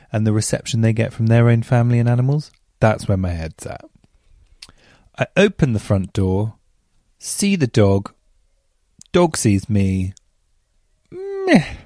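Male podcast host, lowish mellow voice, chatty storyteller given to self-mocking rhetorical questions. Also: dry recording, clean studio sound.

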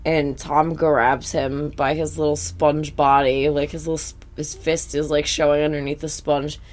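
A podcast host recapping a cartoon in casual chat, blunt and animated with heavy swearing. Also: medium pitch, moderate pace.

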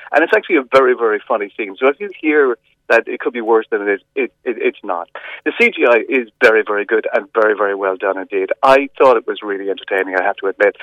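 A middle-aged man reviewing a film over the phone, chatty and hesitant, with many restarts and lively emphasis. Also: medium pitch, dry recording. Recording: dull phone line.

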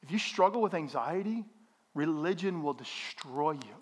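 Middle-aged guy pastor giving a sermon in church, pretty high voice, jokey and lively with the congregation. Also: normal speed, slightly rough. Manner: animated, joking with the congregation.

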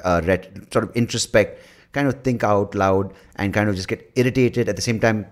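Male podcast host, lowish voice, loose and introspective, swears casually. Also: moderate pace. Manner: reflective, thinks out loud with fillers and mild swearing. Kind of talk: casual conversational interview.

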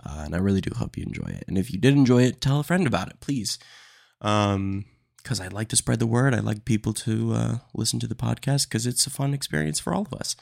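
A man hosting his own podcast, ranting in a casual, animated way and calling listeners "dude" and "man". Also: medium pitch, fast talker, creaky, no echo, clean studio sound. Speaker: podcast host. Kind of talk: solo casual podcast rant.

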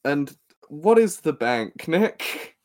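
A man's voice: fairly high pitch, slow. Laughing young man recapping a show. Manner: laughing, swearing, animated retelling. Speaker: podcast co-host. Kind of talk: casual chat recapping a show.

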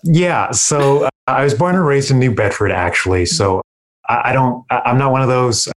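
A man's voice: medium pitch, moderate pace. A young man from Massachusetts, a guest on a casual podcast, joking and self-mocking with rambling asides.

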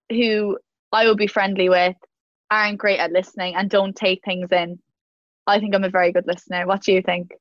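A woman's voice: mid-range voice, a bit bright, no room sound, dull audio. A young woman, chatting casually and laughing easily, with many "like" fillers as she co-hosts. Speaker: co-host. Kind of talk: casual chat.

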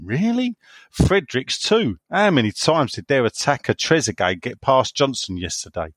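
A man's voice: mid-range voice, sing-song, normal speed, a bit bright, no echo, clean studio sound. A man hosting a podcast, reading out listener messages and joking bluntly between them. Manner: jokey, cheeky and blunt. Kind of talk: casual chat.

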